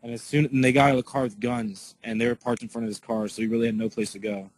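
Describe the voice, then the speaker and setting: A man giving a casual spoken eyewitness account to his viewers, answering questions in a halting way full of "like" and restarts. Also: medium pitch, fairly even intonation, breathy edge, rough recording. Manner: halting, filler-heavy, lots of "like" and restarts.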